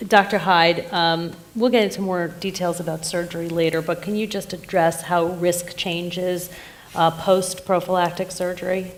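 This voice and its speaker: A woman with a somewhat low voice moderates a panel discussion. She asks short, polite questions and guides the speakers. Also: steady tone, moderate pace, a little hiss or hum. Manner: polite, brief prompting questions.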